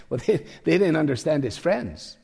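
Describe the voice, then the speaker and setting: A man's voice: a little high, big pitch swings, unhurried, gravelly, darkish tone, husky. Older male pastor preaching in a reverberant hall. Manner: conversational preaching with wry humorous asides. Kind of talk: sermon.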